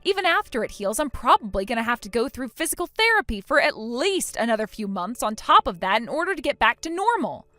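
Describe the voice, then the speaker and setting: A woman's voice: fairly high pitch, very animated, a little fast, hardly any pauses, sharp tone, dry recording. A woman voicing a furious, injured young bride who speaks in a cold, scornful and firm way. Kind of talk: text-message story voice acting.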